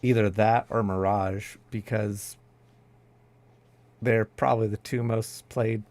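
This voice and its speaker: Easygoing gravelly male caster. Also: lowish voice, fairly even intonation, slow, a little mellow. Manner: easygoing, self-deprecating. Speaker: esports caster. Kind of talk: casual commentary chat.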